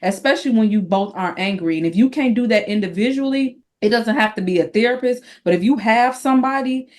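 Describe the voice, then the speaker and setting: A woman guest, a mother, speaking in a measured and thoughtful way in a casual interview. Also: a little high, a little mellow.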